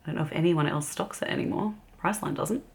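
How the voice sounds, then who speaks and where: A woman's voice: deep voice, fast talker, gravelly. An Australian woman chatting casually as a beauty vlogger while doing her makeup, giggling often. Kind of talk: casual get-ready-with-me chat.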